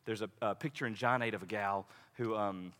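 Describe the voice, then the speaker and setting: A male pastor preaching a sermon in a lively, conversational way, acting out quoted voices along the way. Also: lowish voice, brisk, big-room sound.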